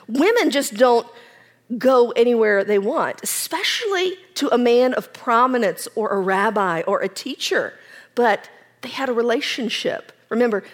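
A woman's voice: on the high side, creaky, breathy edge. Dramatic woman preacher. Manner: dramatic, varies volume, drops to whispers. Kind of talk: sermon.

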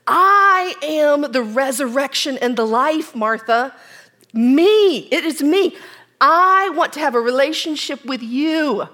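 A woman preacher voicing a gentle male teacher from scripture, speaking softly but with rising emphasis. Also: high voice. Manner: gentle yet emphatic, pleading.

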